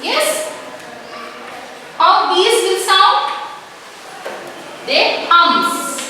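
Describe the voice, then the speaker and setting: A woman teaching an online lesson to young children, slowly repeating her questions and answers. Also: extremely high pitch, big pitch swings, pushed and bright, slight background noise. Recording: echoey room audio from a distance.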